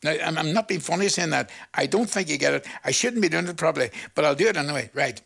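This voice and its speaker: A man's voice: fairly high pitch, expressive, fast talker, vocal fry, fairly bright tone, slightly rough. An older man presenting a radio request show, chatty and playful, laughing at his own jokes.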